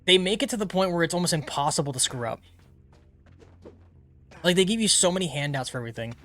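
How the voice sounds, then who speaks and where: A man's voice: on the high side, expressive, fast talker, fairly bright tone, soft background music. A man streaming a video game, rambling chattily through casual commentary. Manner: rambling, many fillers, chatty.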